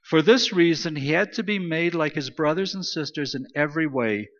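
A man's voice: on the high side, normal speed, a bit bright, long reverb tail, dull audio. A man preaching a sermon in an emphatic style, repeating phrases for stress. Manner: emphatic, repetitive preaching cadence. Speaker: pastor.

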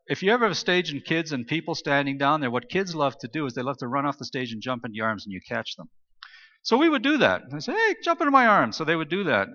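A man's voice: fairly high pitch, bright, forceful tone. A man preaching a sermon as pastor in a church, talking in a loose conversational way and telling stories with many fillers and restarts. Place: church auditorium. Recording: distant reverberant hall, muffled sound.

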